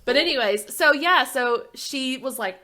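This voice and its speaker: A woman's voice: sits high, lively intonation, measured pace, pushed and bright. A woman co-hosting a casual true crime podcast, walking through case details in a chatty way with frequent asides. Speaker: podcast co-host.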